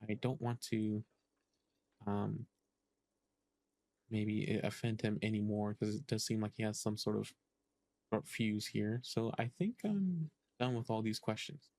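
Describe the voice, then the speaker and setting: A man's voice: lowish voice, unhurried, pauses often, a little mellow, no echo. Man thinking aloud over a game. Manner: hesitant, thinking aloud with many ums. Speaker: gaming streamer. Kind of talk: casual let's-play commentary.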